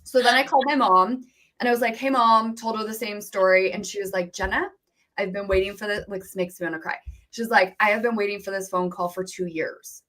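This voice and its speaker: An animated woman, a business coach, tells her story as a podcast guest. She talks casually and acts out the conversations she describes. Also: medium pitch, a little fast. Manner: animated, acts out quoted dialogue, many "like"s.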